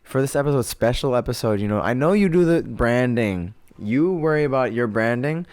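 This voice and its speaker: A man chatting casually as a podcast guest in an easygoing, relaxed way. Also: mid-range voice, a little fast, clear, resonant tone, dry recording. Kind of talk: casual chat.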